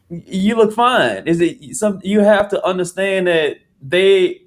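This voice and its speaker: A man hosting a casual podcast discussion, talking in an animated, rambling way with many restarts. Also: high-pitched, measured pace. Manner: animated, rambling, restarts often, acts out quotes. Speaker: podcast host.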